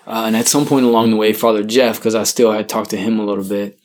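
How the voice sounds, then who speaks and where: A man's voice: lowish voice, level tone, quick pace. A man, a priest, telling his own vocation story in a candid, self-deprecating way, chuckling now and then and loose with fillers.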